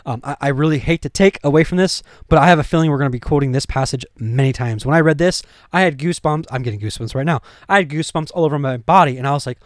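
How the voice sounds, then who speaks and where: A man's voice: on the high side, rapid-fire, no room sound, studio quality. Chatty man leading a Bible study. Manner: conversational, full of fillers and restarts, grows excited. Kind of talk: casual Bible study talk.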